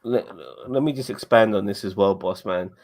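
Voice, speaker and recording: A man's voice: fairly low pitch, a little mellow. A man co-hosting a live review, talking emotionally and stumbling over restarts. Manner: emotional, halting with many restarts. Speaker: podcast co-host.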